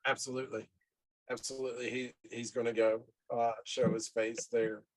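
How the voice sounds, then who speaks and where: A man's voice: mid-range voice, little pitch movement, normal speed, low-quality recording. Earnest man describing his character. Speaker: player.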